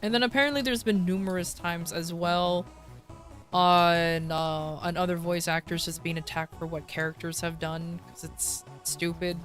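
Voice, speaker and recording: A woman streamer rants bluntly in a casual livestream chat, swearing and restarting her sentences often. Her voice is lowish and steady, at a moderate pace, with soft music playing in the background.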